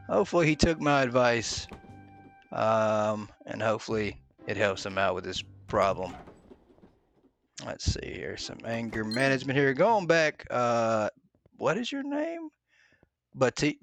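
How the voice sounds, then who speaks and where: A man casually commentating as he plays a game, joking bluntly and filling pauses with "uh". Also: lowish voice, fairly bright tone. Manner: joking, mock-blunt, with many "uh"s. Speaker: gaming video host. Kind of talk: casual let's-play commentary.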